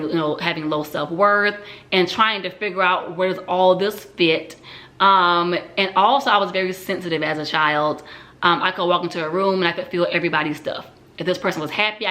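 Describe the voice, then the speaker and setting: A woman's voice: fairly low pitch, sharp tone. A woman candidly recounting a personal experience in a reflective storytelling manner, with frequent "um"s. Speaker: speaker sharing personal story. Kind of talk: personal testimony talk.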